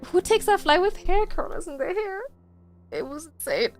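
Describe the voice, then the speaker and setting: Woman streamer, casual gaming chat, high voice, exasperated storytelling, faint music behind. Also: normal speed. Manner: animated, exasperated storytelling with swearing.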